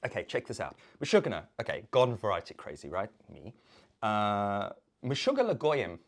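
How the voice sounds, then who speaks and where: Vlogger, swings from shouting to muttering, swears, repeats lines, voice leaps up and down. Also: big pitch swings, moderate pace. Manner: profane, swings between loud outbursts and low muttering; theatrical, repeats words over and over. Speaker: YouTuber. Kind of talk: ranting monologue to camera.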